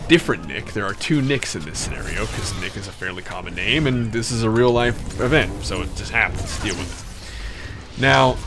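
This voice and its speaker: A man's voice: mid-range voice, background noise. A male streamer telling a long, rambling, profane story and breaking off to talk to his chat. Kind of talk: casual storytelling on a live stream. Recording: clear music in the background.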